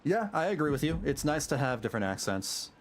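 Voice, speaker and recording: A man's voice: fairly high pitch, very animated, a little fast. Chatty man musing over a game stream. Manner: musing, chatty, chuckles at himself. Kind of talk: casual livestream commentary. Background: game music.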